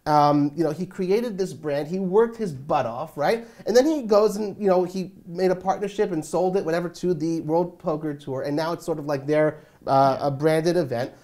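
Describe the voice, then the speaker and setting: A woman's voice: deep voice, moderate pace, hardly any pauses, warm tone. A woman co-hosting a weekly poker talk show, chatting casually and animatedly with plenty of fillers. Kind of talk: casual chat.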